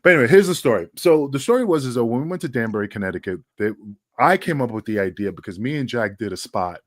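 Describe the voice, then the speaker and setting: A man's voice: medium pitch, animated, quick pace, no echo, clean studio sound. A middle-aged man, a wrestling guest, telling a story in casual chat, acting out quotes and swearing freely.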